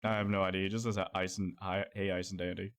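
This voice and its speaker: A young man co-hosting a game stream, chatting casually, excitable and quick to swear. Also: low voice, clear, resonant tone. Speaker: co-host of a let's play stream.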